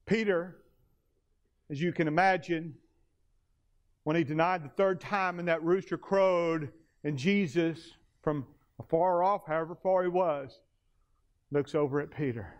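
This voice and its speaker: Sex: man. Role: pastor. Style: sermon. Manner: dramatic, slows down for weight. Pitch: high for a man. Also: highs cut off. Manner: dramatic storytelling, slowing for emphasis.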